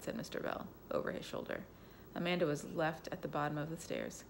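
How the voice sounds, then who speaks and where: A woman at home reading a bedtime story aloud, gentle and casual, with asides to the listener. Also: deep voice, fairly even intonation, fairly quick, vocal fry, a little hiss or hum.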